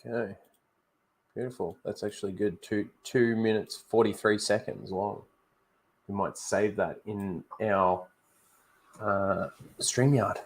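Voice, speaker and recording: A man's voice: fairly low pitch, steady tone, slow, pauses often. A man hosting a casual livestream, rambling, correcting himself and talking straight to his viewers. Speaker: livestream host.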